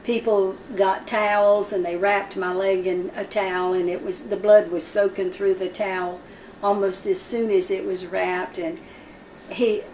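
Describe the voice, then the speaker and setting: A woman's voice: medium pitch, flat delivery, unhurried, darkish tone, a little hiss or hum. A woman leads a Bible lesson by telling a story from her own life, and she brings it alive by acting out what each person said. Her voice sounds distant from the mic. The room around her is reverberant. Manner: vivid, acts out quoted speech. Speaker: Bible study teacher.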